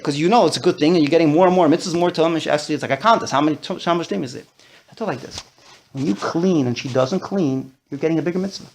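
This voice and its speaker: A man's voice: a little high, racing, slight background noise. A man teaching a discussion-style class, talking animatedly and mixing in Yiddish and Hebrew terms. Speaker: Torah teacher.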